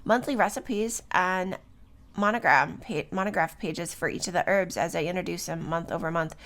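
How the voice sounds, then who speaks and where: Chatty woman with a gravelly voice. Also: lowish voice. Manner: chatty, loose, with many fillers and tag questions. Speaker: podcast host. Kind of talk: solo podcast talk on herbs. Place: home, early morning.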